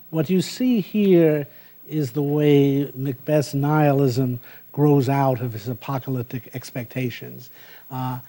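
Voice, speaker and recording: Mellow-voiced male professor lecturing. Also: mid-range voice. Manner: thoughtful, with frequent "uh" pauses. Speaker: university professor. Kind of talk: university lecture. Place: lecture hall.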